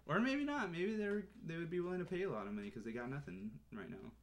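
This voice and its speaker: A man's voice: fairly high pitch, animated, fast. A man in casual brainstorming chat as a podcast co-host, playful and laughing often. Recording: clear crowd chatter behind.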